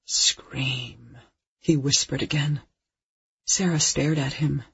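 An audiobook narrator reading a dark thriller in a measured, tense way. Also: mid-range voice, slightly rough, no echo. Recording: dull lo-fi recording.

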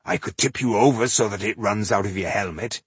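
A man voicing a cheerful male dwarf warrior who teases his friend, husky-voiced and easygoing. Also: fairly low pitch, brisk, no room sound. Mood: teasing. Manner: jovial, mocking, easygoing.

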